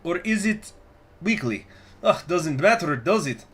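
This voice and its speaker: A man's voice: high voice, big pitch swings, unhurried, fairly bright tone, breathy edge, pitched above the performer's own voice, exaggerated voice. A man voicing a mocking, lazy male bandit soldier, in an attempted Russian accent that drifts toward Scottish. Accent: attempted Russian slipping into Scottish.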